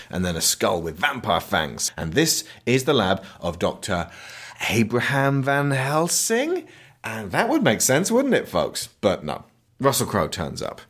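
Man, deep voice, very animated pitch, sarcastic film recap, mocking impressions, casual chat. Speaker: film podcast host.

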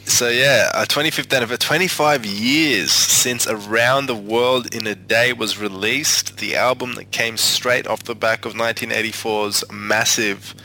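A man's voice: mid-range voice, steady tone, unhurried, hardly any pauses, bright, forceful tone, a little hiss or hum, rough recording. A man hosting a music podcast, talking casually with many fillers and restarts. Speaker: podcast host.

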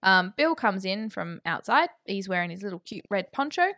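A woman's voice: medium pitch, big pitch swings, normal speed, pushed and bright, dry recording, studio quality. A woman co-hosting a podcast, recapping a horror film in chatty, wry casual talk. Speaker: podcast co-host.

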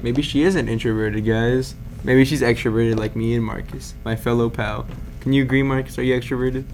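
A man's voice: medium pitch, steady tone, moderate pace, darkish tone, soft background music. A teenage boy hosting a casual podcast with friends, joking, laughing often and cutting in on the others, talking into a shared handheld mic. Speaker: podcast host.

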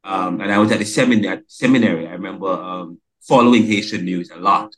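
A Caribbean man hosts a casual podcast interview in a low voice, speaking a little fast over crowd noise. He talks emphatically, stressing single words and restarting often.

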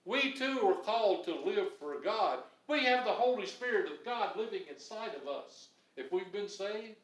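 A man's voice: sits high, very animated, a little slow, hardly any pauses, a bit bright, far from the mic. A male pastor preaching a sermon, building emphasis through repeated phrases, recorded in a church. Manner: preaching with rising emphatic repetition. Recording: echoey room, voice from off-mic.

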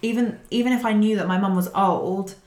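A young woman chatting casually with friends, lively and given to laughing as she talks. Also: mid-range voice, fairly quick, a crowd in the background. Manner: chatty, animated, laughs while talking. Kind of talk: casual chat. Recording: echoey room with faint noise.

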